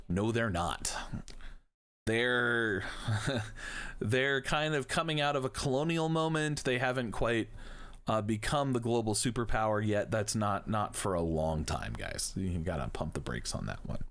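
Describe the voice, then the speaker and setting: A man's voice: lowish voice, expressive, unhurried, a bit bright. A man teaching history on a live stream, talking in a casual, jokey way and swearing now and then. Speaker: history professor.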